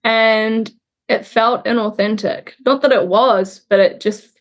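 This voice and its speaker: Young woman guest, earnest and reflective, measured conversational delivery. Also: fairly high pitch, fairly even intonation. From New Zealand. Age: young adult. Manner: reflective, earnest, pauses and restarts while recounting. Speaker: interview guest. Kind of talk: candid conversational interview.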